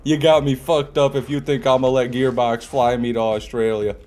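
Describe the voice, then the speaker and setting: A man's voice: medium pitch, flat delivery, normal speed, a little mellow. Joking male game streamer, faint music behind. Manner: joking, laughs often, restarts phrases. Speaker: gaming streamer. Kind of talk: live gameplay commentary.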